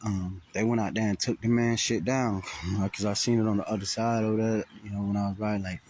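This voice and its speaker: A man's voice: fairly low pitch, little pitch movement, brisk, a little mellow, slight background noise. A man telling a rambling, profane story on a casual outdoor livestream. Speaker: vlogger. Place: outdoors, riding around a graveyard.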